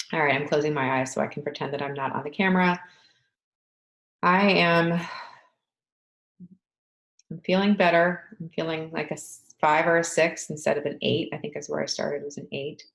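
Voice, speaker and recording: Low voiced woman leading a tapping session on a webcam, echoey room. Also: fairly even intonation, moderate pace, vocal fry, long pauses, fairly bright tone. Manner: leads repeated affirmations, sighing and emphatic. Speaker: tapping coach. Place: home, on a webinar. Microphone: video call webcam.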